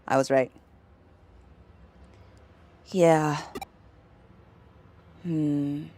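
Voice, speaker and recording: A young woman streaming a video game, chatting casually and switching between English and Japanese, with a deep voice that carries vibrato and some vocal fry. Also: extremely slow, long pauses, a little mellow. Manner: pitches voice up to sound friendly on stream. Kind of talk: casual gameplay chat.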